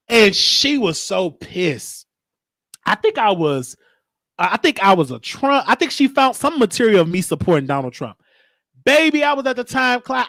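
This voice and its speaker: A man hosts his show, spinning loose, slangy stories with plenty of animation. His voice sits high for a man and swings freely in pitch, with a gravelly crackle. The sound is close and dry, with no room in it. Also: no room sound. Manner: animated, slangy, acts out quotes. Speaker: talk show host. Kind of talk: casual monologue storytelling.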